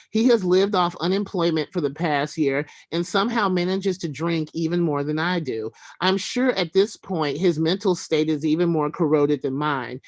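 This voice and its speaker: A man's voice: a little high, no room sound. Wry man reading his own prose. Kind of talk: literary reading.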